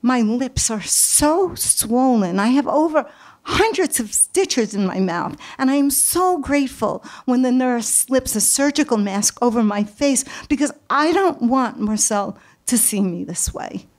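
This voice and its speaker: A woman with a New York accent tells a personal story in an unhurried, deliberate way. Her voice sits a little high, and she leans on pauses and repeated words for effect. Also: animated, darkish tone. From Brooklyn, New York. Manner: slow, dramatic pauses and repetitions.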